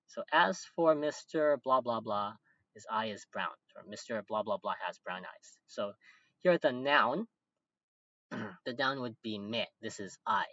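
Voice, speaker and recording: A man's voice: on the low side, animated, a little slow, pushed and bright, dry recording, lo-fi sound. A man teaching Japanese grammar, walking patiently through example sentences word by word, with occasional fillers.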